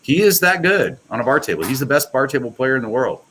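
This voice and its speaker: Rambling, bright-voiced man on a podcast. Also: medium pitch, sing-song, quick pace, slight background noise, rough recording. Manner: rambling, enthusiastic, many restarts. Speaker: guest, pool products company owner. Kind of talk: casual podcast chat.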